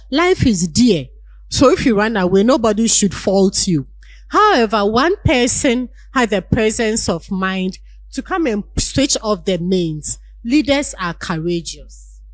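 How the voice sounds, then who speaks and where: A woman's voice: on the high side, dry recording, low-quality recording. A woman giving a university lecture on leadership, acting out everyday scenes and asking the class rhetorical questions.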